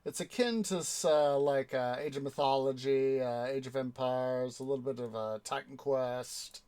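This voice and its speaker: A man's voice: medium pitch, steady tone, moderate pace, a little mellow, smooth. A young man hosting a gaming channel, chatting casually while he plays, rambling and hesitant with lots of fillers. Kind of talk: casual gameplay commentary.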